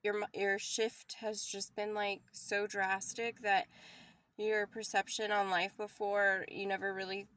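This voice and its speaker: A woman's voice: mid-range voice, flat delivery, measured pace, fairly bright tone. A young woman giving a casual, rambling spiritual card reading to her viewers, emotional and laughing often. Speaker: tarot reader.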